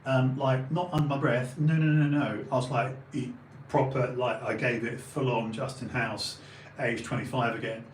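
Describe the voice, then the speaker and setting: A man's voice: mid-range voice, fairly even intonation, moderate pace, slight background noise. A man in his late forties chatting on a live stream, rambling with fillers and restarts and swearing freely. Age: 40s. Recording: roomy home recording, faint ambience.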